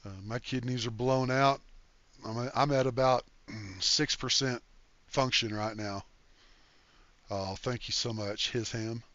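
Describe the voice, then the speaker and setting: A man's voice: medium pitch, steady tone, measured pace, fairly bright tone, no room sound, muffled recording. An older man hosting a casual game livestream, reading chat aloud in an easygoing, folksy way and thanking viewers.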